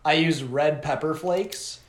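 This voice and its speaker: A man co-hosting a podcast, telling rambling stories in a casual, lively way with lots of fillers. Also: on the high side, slow, echoey room. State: coughing from pepper flakes. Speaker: podcast co-host. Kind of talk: casual chat.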